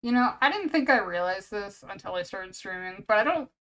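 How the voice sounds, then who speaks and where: A woman's voice: mid-range voice, expressive, a bit bright, poor audio. Chatty woman streamer saying "bro" constantly. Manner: rambling and chatty, says "bro" and "man" constantly; reacts to chat with quick laughs and exaggerated outbursts. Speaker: streamer drawing commissions. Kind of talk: casual live-stream chat.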